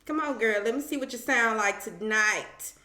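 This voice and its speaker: A woman's voice: a little high, normal speed, pushed and bright, echoey room. A woman hosting a casual live stream from home, chatting with viewers, greeting them by name and calling them child and boo.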